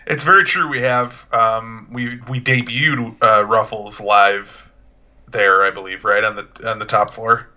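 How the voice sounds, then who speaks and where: A man's voice: fairly low pitch, fairly even intonation, unhurried, sharp tone, muffled recording. A man co-hosting a podcast, chatting in a laid-back, rambling, joking way. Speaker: podcast co-host. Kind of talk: casual chat.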